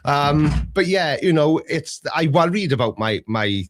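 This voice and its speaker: A Welsh man hosting a call-in show, with a voice pitched a little above most men. He talks in a loose, chatty way and pokes fun at himself as he tells stories. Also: expressive, unhurried. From Wales. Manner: chatty, self-deprecating storyteller. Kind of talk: casual chat.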